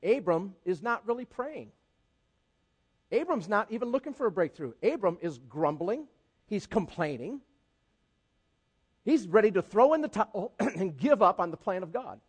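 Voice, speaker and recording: A male pastor with a high-pitched voice delivers a sermon in a casual, conversational way. He is animated and acts out the scripture characters as he goes. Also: moderate pace, long pauses, husky. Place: church.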